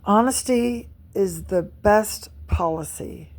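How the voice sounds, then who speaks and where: A woman's voice: mid-range voice, slow pace, a little mellow. A middle-aged woman venting angrily and profanely in a vlog monologue, repeating herself as she rants. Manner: angry, profane, repetitive venting. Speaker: vlogger.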